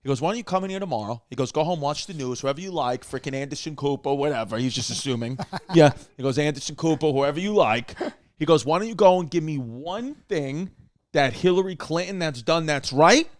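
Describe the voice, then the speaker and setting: Animated storytelling man, fairly high voice. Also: a little fast, no echo, studio quality. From New York City. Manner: animated storyteller, quotes others in lively voices. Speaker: podcast co-host. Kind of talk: casual storytelling chat.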